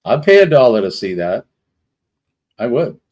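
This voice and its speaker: A man's voice: mid-range voice, sing-song, normal speed, darkish tone, low-quality recording. A man hosting a casual live stream, greeting viewers one by one in a rambling, chatty way. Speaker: livestream host.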